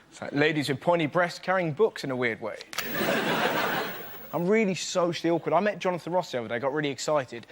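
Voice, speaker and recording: A high-pitched male comedian doing stand-up comedy, jumping between storytelling and voices for the people in his stories. His TV studio recording carries heavy background noise and audience laughter. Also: animated, a little fast. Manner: bouncy storytelling with put-on voices for quoted people.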